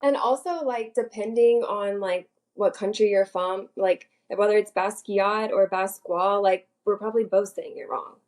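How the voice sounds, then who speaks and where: A woman's voice: medium pitch, moderate pace, hardly any pauses, warm tone. A woman co-hosting a casual podcast with friends, chatting loosely and filling her sentences with "like". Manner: chatty, heavy on "like". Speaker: podcast co-host. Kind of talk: casual chat among friends.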